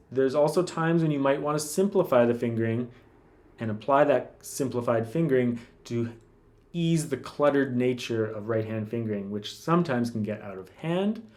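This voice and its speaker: Relaxed man teaching classical guitar. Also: medium pitch. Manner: relaxed, thinks aloud with many fillers and restarts. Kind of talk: casual instructional talk.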